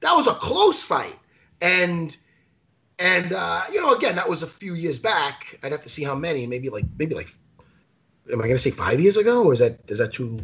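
A man co-hosting a talk show, chatting casually in a rambling, animated way and swearing freely. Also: a little high, moderate pace, muffled recording. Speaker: podcast co-host. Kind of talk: casual chat.

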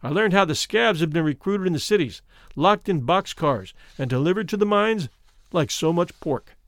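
A man's voice: high-pitched, lively intonation, fairly bright tone, no room sound. Somber male narrator, dry close sound. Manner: measured, somber storytelling. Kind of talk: dramatic first-person reading of a memoir.

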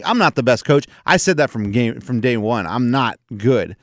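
A man's voice: mid-range voice, lively intonation, moderate pace, no echo, clean studio sound. A man who coaches a kids' basketball team, chatting casually and saying "dude" a lot. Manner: laid-back, says "dude" often. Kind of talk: casual chat.

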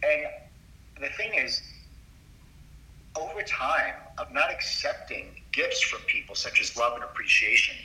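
An earnest middle-aged man speaks with a sharp, tense, very bright voice, confiding and emphatic as he opens up in conversation. He is heard from some way off the mic, and the room around him rings with echo. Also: mid-range voice. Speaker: doctor as podcast guest. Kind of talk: confessional storytelling in a conversation. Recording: roomy sound from a distance off mic.

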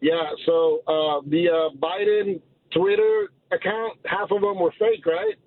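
Husky male caller on a phone line. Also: high-pitched, unhurried, no echo. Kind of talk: phone-in call.

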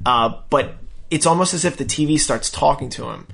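A man in casual podcast chat, retelling scenes with lively quoted voices. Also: fairly high pitch, fairly quick, gravelly, slightly rough. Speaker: podcast co-host. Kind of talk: casual chat recapping a show.

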